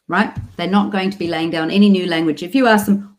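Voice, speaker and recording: A middle-aged Australian woman, a speech therapist, giving parents a clear, practical talk with the odd demonstration voice. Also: on the low side, fairly even intonation, fairly quick.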